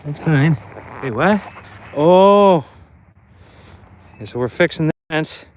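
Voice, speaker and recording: Slow-talking man rambling outdoors. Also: a little high, animated. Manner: rambling, telling corny jokes between chores. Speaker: livestreaming farmer. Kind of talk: casual chat while working outdoors. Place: outdoors in a field by a fence. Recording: noisy outdoor phone recording.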